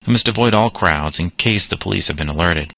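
A man's voice: low voice, brisk, gravelly, bright, forceful tone, no echo, full character voice. A man voicing a commanding teenage boy who leads a club of friends. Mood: crestfallen. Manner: commanding, decisive.

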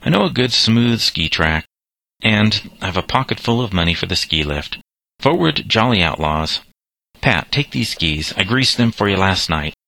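An eager, sharp-eyed teenage boy in a storybook reading, read by a man. The voice lifts a bit above the reader's low tone and stays bright and crisp, in a dry, close recording. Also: expressive, no room sound, heavily acted, rough recording. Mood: cheerful. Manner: eager, quick.

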